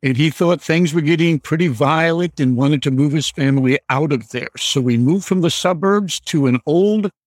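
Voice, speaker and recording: A man in his seventies from Michigan, calling in and telling a personal story slowly and deliberately, with many pauses. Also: on the high side, no echo. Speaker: caller telling a ghost story. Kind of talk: storytelling on a radio call.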